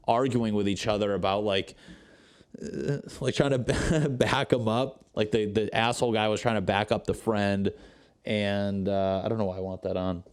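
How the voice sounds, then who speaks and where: Young guy on his podcast, kinda low voice, rambling and cursing through a story. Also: clear, resonant tone. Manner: profane, rambling, acts out quotes. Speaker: podcast host. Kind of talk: casual storytelling monologue.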